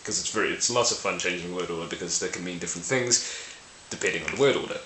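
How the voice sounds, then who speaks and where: Low-pitched and fast with a sharp tone, a language video host talks to camera about language ideas. He's casual and playful, often correcting himself and chuckling at his errors. The camera mic captures a roomy recording with faint hiss.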